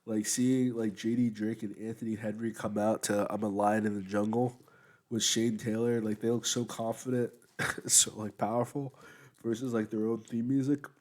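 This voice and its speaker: A man's voice: fairly low pitch, little pitch movement, moderate pace, a little mellow. A man giving a rambling, casual review of a wrestling show, full of fillers, talking as he eats at home. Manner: rambling, loose, many fillers. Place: at home, eating while recording.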